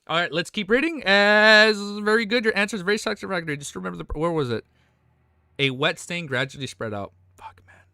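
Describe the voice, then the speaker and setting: A man's voice: a little high, animated, quick pace, gravelly, bright, forceful tone, no echo, clean studio sound. A young man streaming live, reading a novel aloud and reacting in a casual, emotional, swearing way. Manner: casual and swearing, often emotional, exclaims "dude".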